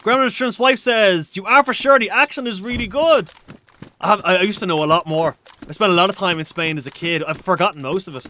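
A high-voiced Irish man chatting through a live game stream, reading viewer comments aloud. His tone is bright and forceful, and he rambles with quick restarts. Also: slight background noise.

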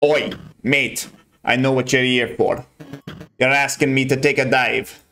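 A man voicing a gruff male game opponent with a mock Scottish accent, brusque and dismissive. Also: mid-range voice, steady tone, measured pace, bright, forceful tone, faint music behind.

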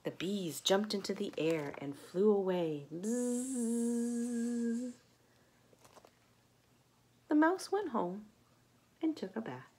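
A woman teacher reading a children's storybook aloud in an expressive, slow way, sometimes dropping into a whisper. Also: mid-range voice, husky.

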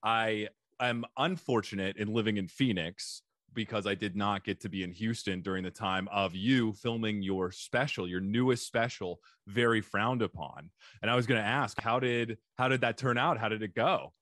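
A man's voice: on the low side, moderate pace, few pauses, fairly bright tone, no room sound, studio quality. A man hosting a podcast in casual chat, joking and laughing easily. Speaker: podcast host.

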